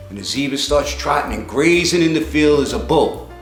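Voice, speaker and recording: A man telling a string of jokes, acting out each character's lines with lively voices. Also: medium pitch, brisk, reverberant, soft background music. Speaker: joke teller.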